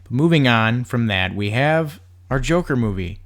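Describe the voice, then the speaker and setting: A man's voice: medium pitch, expressive, normal speed. A man co-hosting a movie podcast, chatting casually, going through film news details and saying "like" a lot. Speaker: podcast co-host.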